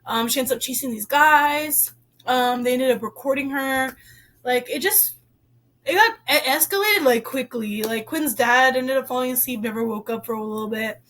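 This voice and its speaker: High-voiced young woman rambling about a book. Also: normal speed. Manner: rambling, heavy use of "like" and "um"; expressive, gets worked up. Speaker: book reviewer. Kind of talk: casual book review chat.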